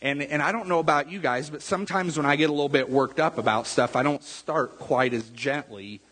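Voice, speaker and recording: A man pastor preaching a sermon to his church in a relaxed, conversational way, often repeating words and checking in with the room. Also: on the high side, brisk, husky. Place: church sanctuary. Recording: long hall reverb.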